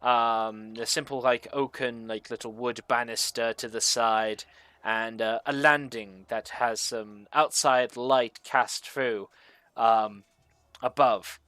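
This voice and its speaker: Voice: mid-range voice, steady tone, slow, a bit bright, clear, resonant tone, no echo. A game master narrating a tabletop game, describing scenes loosely with many fillers.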